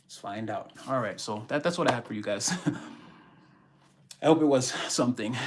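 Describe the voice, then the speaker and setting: A man's voice: mid-range voice, expressive, moderate pace, pauses often. A man reading tarot on a live stream, chatting casually, preaching motivation and greeting his viewers by name.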